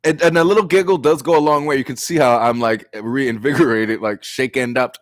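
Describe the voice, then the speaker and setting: A man hosting a live collective tarot reading with an easy, joking delivery. He leans on slang and profanity. He sits at a middling pitch but keeps breaking into loud, high bursts as he acts out little back-and-forths. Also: brisk, few pauses. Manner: animated and profane, acts out exchanges with big jumps in pitch and loudness. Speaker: tarot reader.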